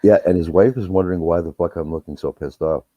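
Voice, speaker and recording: A low-voiced man talks quickly as he swears his way through meandering family tales on a live stream, getting worked up whenever he recounts arguments. The audio is muffled and dull, with no room sound.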